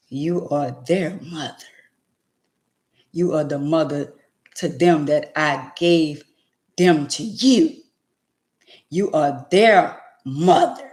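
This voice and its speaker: A woman's voice: low voice, a little mellow. A woman voicing God as a firm, protective fatherly deity who gives stern commands.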